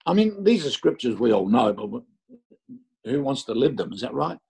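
An older man delivers a sermon in a gravelly, rough-edged voice. He tells stories and drives his points home by repeating phrases. His pitch sits in a middling range. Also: big pitch swings, normal speed, darkish tone, rough recording. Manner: storytelling with emphatic, repeated phrases. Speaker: pastor.

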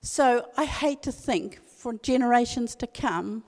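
A woman's voice: a little high, expressive, a little slow, a little mellow. An older woman giving an earnest devotional talk at a church meeting, telling a family story and repeating key phrases for emphasis. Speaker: speaker at a women's church meeting. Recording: long reverb of a hall.

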